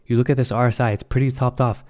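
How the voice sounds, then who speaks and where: A man's voice: medium pitch, fairly even intonation, quick pace, dark tone. A young man talking casually on a live stream about his crypto trades, blunt and swearing often, repeating himself.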